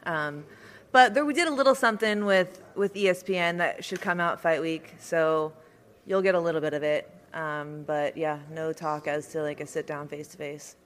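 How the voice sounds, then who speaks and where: A woman's voice: deep voice, moderate pace. A young woman fighter answering interview questions in a laid-back, playful way. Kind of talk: casual interview.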